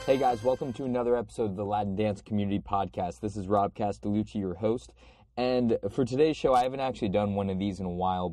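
A man's voice: fairly low pitch, a little mellow, dry recording, clean studio sound. A man with a cold hosting a podcast, reading an article aloud in a conversational way. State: has a cold. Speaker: podcast host.

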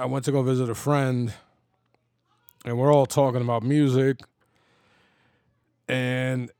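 Hombre de cincuenta años, voz seca. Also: male voice, medium pitch, a little mellow, dry recording, studio quality. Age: 50s. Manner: rambling, laughs often, many restarts. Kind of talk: casual personal storytelling. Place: home.

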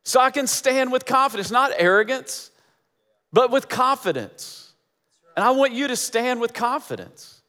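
Male pastor, high voice, emphatic repetitive sermon delivery, hall reverb. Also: very animated, unhurried, pushed and bright. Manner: emphatic, repeating phrases for effect.

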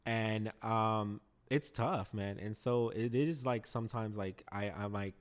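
A man's voice: lowish voice, normal speed, few pauses. A man hosting a podcast, speaking candidly in casual conversation and laughing a little when he gets emotional. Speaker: podcast host.

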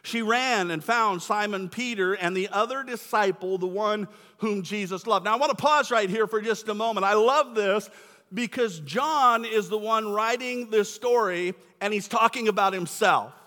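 A man's voice: high-pitched, normal speed, sharp tone. A male pastor giving a sermon in a church sanctuary, talking in a conversational, emphatic way. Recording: long reverb of a church hall.

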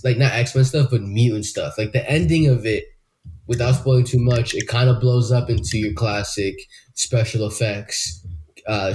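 A man's voice: medium pitch, darkish tone, slight background noise. A man hosting a casual movie review podcast, talking in a loose, rambling way with frequent swearing. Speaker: podcast host.

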